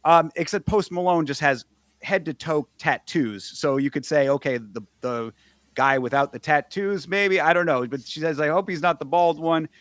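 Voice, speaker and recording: A man chatting casually on a film review podcast, recorded dry and close with no room sound. He tells scenes animatedly and jumps into quick voices when he quotes characters. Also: on the high side, no echo. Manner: animated storyteller, acts out lines in voices. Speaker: podcast co-host.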